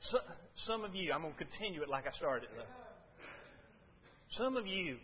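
An older male preacher, delivering a sermon that moves between loud, fervent pleas and quiet, low confiding talk. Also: lively intonation, very fast. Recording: dull lo-fi recording.

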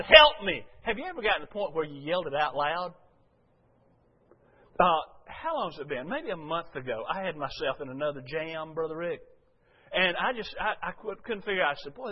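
Older guy pastor preaching, high voice, folksy, muffled lo-fi recording. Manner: folksy storytelling, shifts from loud to quiet. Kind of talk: sermon. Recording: dull lo-fi sound.

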